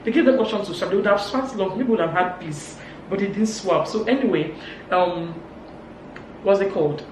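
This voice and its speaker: A woman with a Nigerian accent giving a casual gossip recap, animated and acting out quotes. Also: brisk. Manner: animated, acts out quotes in higher voices. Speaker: vlogger. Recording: roomy, distant mic, faint hum.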